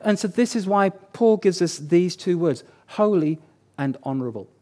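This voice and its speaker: High-voiced man preaching a sermon. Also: lively intonation, moderate pace, darkish tone. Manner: conversational and joking, repeats key words for emphasis. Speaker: pastor.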